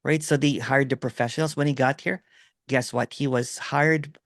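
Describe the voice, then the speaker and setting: A man's voice: mid-range voice, fairly even intonation, moderate pace, gravelly, a bit bright, no echo, studio quality. A middle-aged man from the Philippines with a Filipino accent, rambling through a story in casual video-call chat with lots of fillers and "right?". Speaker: host.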